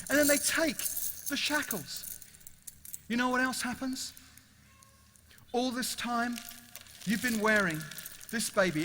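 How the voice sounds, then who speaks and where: A preacher telling a vivid courtroom story in a high, bright voice. He preaches emphatically, and a long echo from a large hall rings behind him. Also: a little hiss or hum. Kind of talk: evangelistic sermon.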